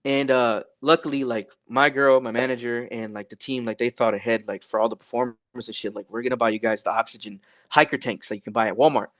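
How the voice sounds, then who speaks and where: A man's voice: medium pitch, fast talker, few pauses, dry recording, clean studio sound. Laid-back profane young man storyteller. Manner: laid-back, profane, many fillers, animated retelling. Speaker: podcast guest, rapper. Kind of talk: casual storytelling.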